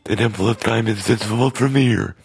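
A slow, solemn male robot steward with a gravelly, husky mechanical drone, as a man puts it on for a video game. The voice sits low and drags each word out flatly. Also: faint music behind, heavily acted. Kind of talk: reading game dialogue in a put-on voice.

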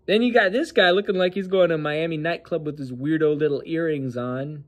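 Casting: male host, casual commentary, mocking and slangy, slightly high voice. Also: brisk.

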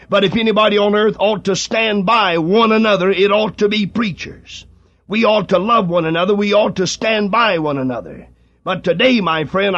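High-pitched fired up preacher guy, rhetorical questions, muffled old radio sound. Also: a bit bright. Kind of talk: fiery radio sermon. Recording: dull lo-fi archival radio recording.

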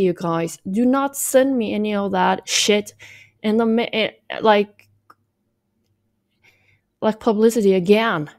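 A woman from Norway rambles to her vlog camera at a slow, unhurried pace. She sounds a little tired and keeps up an ironic, self-mocking tone, drifting into a lazy drawl. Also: medium pitch, a little mellow. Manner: joking, self-mocking, mock valley-girl drawl. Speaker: vlogger.

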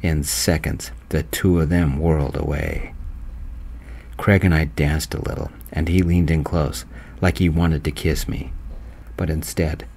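A man narrating his own romance story in a gentle, slow, soft-spoken voice. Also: very deep voice, expressive, gravelly, breathy edge.

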